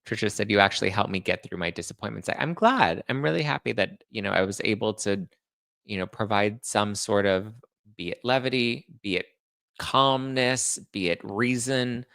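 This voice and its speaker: Sarcastic, chatty man with a gravelly low voice. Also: normal speed, a bit bright, dry recording, clean studio sound. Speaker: host. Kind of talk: casual chat reading viewer comments.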